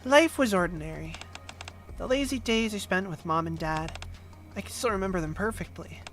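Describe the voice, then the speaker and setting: A man's voice: fairly bright tone, close to an everyday voice. A man voicing a young girl who talks to her injured father, his normal voice raised a little with an upward lilt. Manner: slightly raised pitch with upward inflection.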